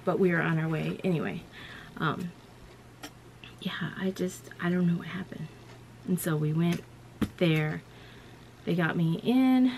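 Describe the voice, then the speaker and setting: A woman's voice: fairly low pitch, measured pace, gravelly, long pauses, a little mellow, slight background noise. A woman vlogger telling a personal story in a casual, rambling way, full of "you know" and "like.".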